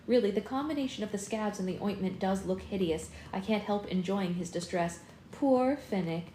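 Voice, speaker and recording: A woman hosting a book club on a phone live stream reads a first-person novel aloud expressively, acting out the dialogue. Her mid-range voice is mellow at a moderate pace. The room is roomy with faint ambience and a little hiss or hum.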